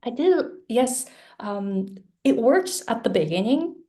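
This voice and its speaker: Slow, mellow-voiced Japanese-native woman. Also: on the high side, big pitch swings. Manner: patient, explanatory, gives examples. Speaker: guest speaker. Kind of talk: online webinar Q&A answer.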